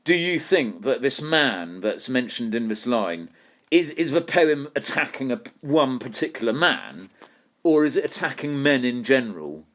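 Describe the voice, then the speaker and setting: A man's voice: medium pitch, very animated, moderate pace, fairly bright tone. A man teaching a poetry lesson, thinking aloud and putting questions to his students. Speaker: English literature teacher.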